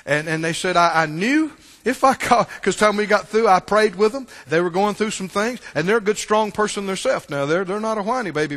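A man preaching a sermon to his church, swinging between shouted exhortation and low, quiet asides, often asking the congregation "right?". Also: big-room sound. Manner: call-and-response asides like "Right?" and "Huh?". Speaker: pastor.

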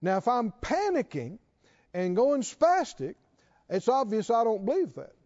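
A man's voice: very high-pitched, huge pitch swings, measured pace, darkish tone, dull audio. A man preaching a sermon to a responding congregation, repeating questions and building to emphatic calls.

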